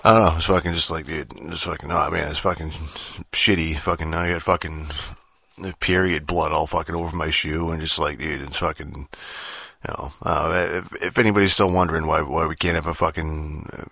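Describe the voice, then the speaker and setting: Low-voiced profane podcast guy, rambling. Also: fairly even intonation, brisk, gravelly, sharp tone, no room sound. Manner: profane, rambling, many fillers and restarts. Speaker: podcast host. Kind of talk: casual rambling podcast monologue.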